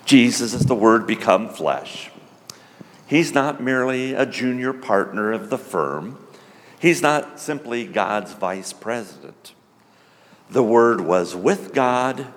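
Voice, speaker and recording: Man, sermon, slow and deliberate, lively rising and falling pitch, long hall reverb. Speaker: preacher.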